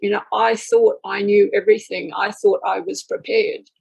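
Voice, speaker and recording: A woman's voice: medium pitch, flat delivery, normal speed, vocal fry, a little mellow, husky, poor audio. A woman in a group talk sharing spiritual experiences in a reflective storytelling way, acting out her inner dialogue. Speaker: group discussion participant.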